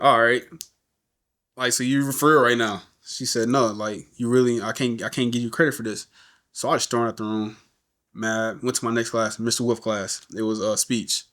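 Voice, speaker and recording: A middle-aged man, a podcast guest, telling a story in casual talk and acting out the voices of the people he quotes. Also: medium pitch. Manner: animated, acts out quoted voices.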